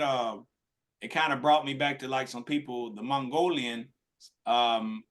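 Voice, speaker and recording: A man's voice: medium pitch, fairly bright tone. A man co-hosting a podcast live stream, talking casually and rambling with many restarts. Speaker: podcast co-host.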